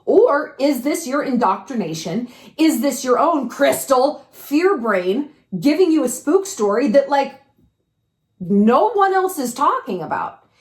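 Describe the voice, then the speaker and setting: Woman, advice vlogger, frank, swears freely, lively swooping pitch, echoey room. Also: measured pace. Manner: frank and animated, swears freely, fires rhetorical questions. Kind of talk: casual advice monologue.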